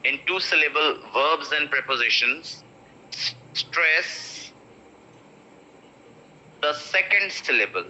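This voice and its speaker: A man's voice: on the high side, expressive, takes it slowly, pauses often, bright, forceful tone, slight background noise. A man teaching pronunciation in an online class. He repeats each word again and again and slips into Hindi phrases. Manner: repeats words over and over, mixing in Hindi phrases. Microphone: video call. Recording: dull lo-fi video call audio.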